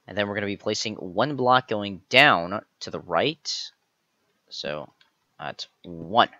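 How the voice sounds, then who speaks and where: Man, tutorial voice-over, crisp forceful tone, fairly low voice, methodical, counts blocks aloud, dull dry lo-fi recording. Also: animated, slow, no room sound. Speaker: tutorial host. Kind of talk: step-by-step game tutorial voice-over.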